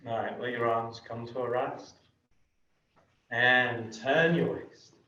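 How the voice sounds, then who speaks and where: A man's voice: medium pitch, fairly even intonation, slow, bright, forceful tone, roomy sound, a little hiss or hum. Playful male tai chi instructor mid-class, distant dull recording. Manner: playful, laughs at his own jokes. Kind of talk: joke-telling during a class.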